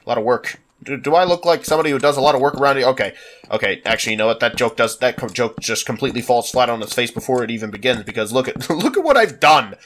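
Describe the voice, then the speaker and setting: Congested male gaming commentator, mid-pitched, rambling and self-deprecating, faint hiss on the mic. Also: a bit bright. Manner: rambling, self-mocking chatter. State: congested, sinus-stuffed voice. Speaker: gaming YouTuber. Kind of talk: let's play commentary.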